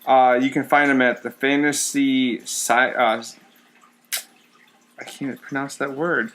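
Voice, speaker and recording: A man co-hosting a podcast in casual chat, relaxed and stumbling through fillers. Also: medium pitch, measured pace, a little hiss or hum. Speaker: podcast co-host.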